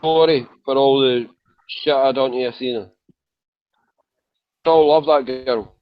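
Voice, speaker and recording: In dull, lo-fi voice chat audio with no room sound, a man serving as a chat room panelist talks a little slowly in a steady, mid-range voice. The chat is emotional, and he's drowsy and woozy from medication, rambling, apologetic and repeating himself.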